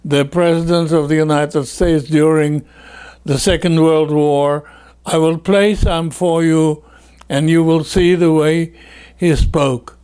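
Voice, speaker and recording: A man, a native Russian speaker, teaching in an unhurried, explanatory way with frequent fillers. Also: a little high, fairly even intonation, a little mellow, clear, resonant tone. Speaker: English teacher. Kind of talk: explanatory lesson talk.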